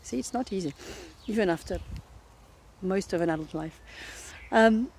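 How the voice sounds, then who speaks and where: A middle-aged woman with a French accent talks through her advice slowly, pausing often to find her words. Her voice is warm and mellow. Faint nature sounds drift in from the countryside around her. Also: mid-range voice, a little hiss or hum. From France. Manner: thoughtful, searching for words with frequent pauses. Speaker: French teacher. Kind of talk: reflective advice vlog.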